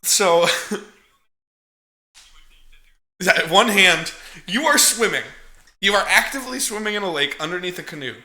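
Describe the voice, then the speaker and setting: Bright-voiced man, chuckling film recap. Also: sits high, animated, measured pace, long pauses, reverberant. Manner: profane, chuckling storyteller. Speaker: podcast co-host recapping a film.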